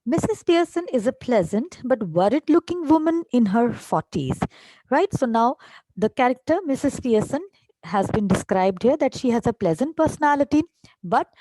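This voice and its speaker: A woman's voice: a little high, warm tone, no room sound. A woman, explaining a play line by line to a class, with fillers and tag questions. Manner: reads a line, then explains it, switching to Hindi at times. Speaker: English teacher.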